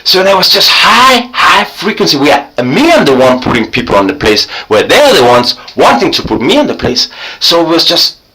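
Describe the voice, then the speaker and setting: Profane, excitable man with bright voice. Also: on the high side, normal speed, rough recording. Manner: profane, excitable, swings between loud and quiet. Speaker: vlogger. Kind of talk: rambling storytelling monologue.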